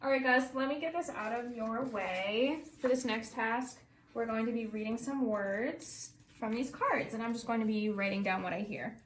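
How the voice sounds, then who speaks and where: A woman working as a speech-language clinician who gives clear, encouraging instructions and explains the tests. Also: a little high, moderate pace, a little hiss or hum. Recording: roomy audio from a distant mic.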